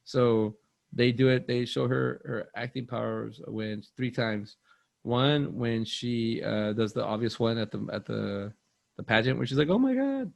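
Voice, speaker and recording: A man's voice: medium pitch, level tone, measured pace, gravelly, no room sound. A man co-hosting a podcast, chatting casually about movies, rambling with restarts and acting out quotes. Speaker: podcast co-host.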